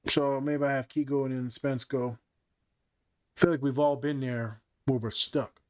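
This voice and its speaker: A man's voice: mid-range voice, normal speed, dry recording. A man hosting a casual podcast chat, a therapist telling stories from his office and acting out the quoted dialogue. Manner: animated storyteller who acts out quoted dialogue.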